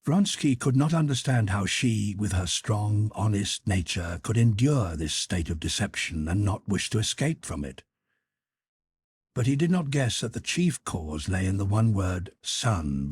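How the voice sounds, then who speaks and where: A man narrating a classic novel as an audiobook in a measured, expressive reading. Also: lowish voice, slightly rough.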